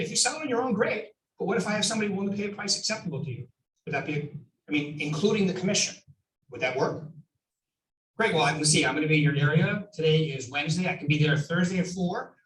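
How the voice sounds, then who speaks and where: A man from New Hampshire giving an animated coaching talk to real estate agents, acting out phone scripts. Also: high voice. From Nashua, New Hampshire. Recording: echoey room, far from the mic.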